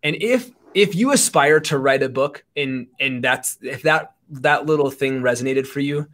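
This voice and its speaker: A man's voice: medium pitch, normal speed, a bit bright. A man co-hosting a podcast, enthusiastic, asking long rambling questions. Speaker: podcast co-host. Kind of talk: casual podcast chat.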